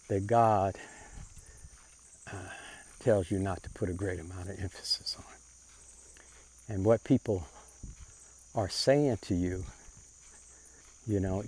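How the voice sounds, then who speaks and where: A man with a fairly low voice delivers a preacher-like monologue on faith and social issues. He speaks plainly with informal grammar, taking his time and circling back to rephrase his points. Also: darkish tone. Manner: unhurried, repeats and rephrases himself. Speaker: self-described prophet giving commentary.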